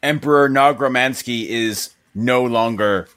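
A man's voice: medium pitch, measured pace, a bit bright. A man playing in a tabletop game, speaking casually and with hesitation. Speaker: player.

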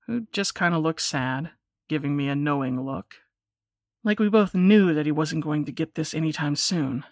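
A woman reading a first-person horror story aloud in a measured, suspenseful storytelling manner. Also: deep voice, no room sound, clean studio sound. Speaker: narrator.

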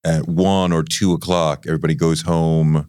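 A man hosting a podcast interview in a studio, asking questions and adding relaxed, jokey comments. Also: a bass voice, normal speed, clean tone. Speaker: podcast host. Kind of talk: interview conversation.

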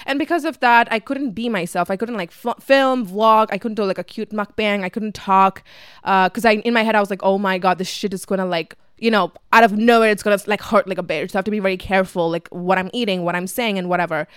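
A woman in her twenties from Dubai talks through a long personal story on her podcast, loose and chatty, peppering it with fillers and curse words. Her voice is smooth and clear. The sound is close and dry, with no room around it. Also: mid-range voice, quick pace, no echo. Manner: chatty, swears freely, fillers like "like". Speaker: podcast host. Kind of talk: casual storytelling monologue.

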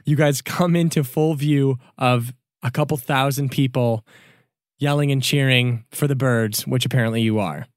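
A man's voice: mid-range voice, steady tone, no echo, studio quality. A man narrating a tabletop game as game master in a casual, upbeat way. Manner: casual and upbeat, with quick bursts.

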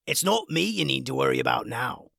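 A storyteller voicing a cowardly male pirate captain who yells and begs in a storybook. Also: huge pitch swings, a little fast, creaky, slightly rough, no room sound, clean studio sound, heavily acted. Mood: gloating. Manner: shrill pleading yells. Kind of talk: storybook character voice.

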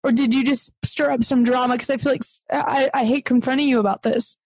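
Comedy co-host, female, slightly high voice, dry booth, eager and pleading. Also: fairly even intonation, a little fast, a little mellow, no echo, rough recording. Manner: gushing, pleading, rising to squeals. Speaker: podcast co-host. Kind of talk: improvised comedy podcast.

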